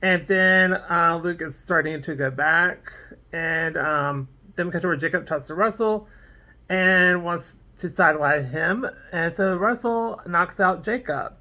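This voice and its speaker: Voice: mid-range voice, a little slow, bright, forceful tone. A vlogger casually recapping a TV episode, rambling off on tangents with lots of "like" and "um". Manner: fillers like "like" and "um". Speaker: TV episode reviewer.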